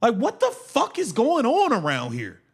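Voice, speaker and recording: A man's voice: extremely high pitch, huge pitch swings, normal speed, gravelly, breathy edge. A man hosting a live game watch-along stream, ranting angrily and swearing at the team. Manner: angry, profane, shouting rants. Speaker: livestream host.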